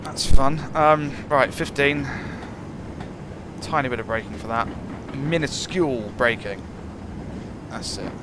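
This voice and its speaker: Relaxed man musing over a game. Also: mid-range voice, takes it slowly, background noise. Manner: relaxed, musing, chuckles often. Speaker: gameplay channel host. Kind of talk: casual train-sim commentary.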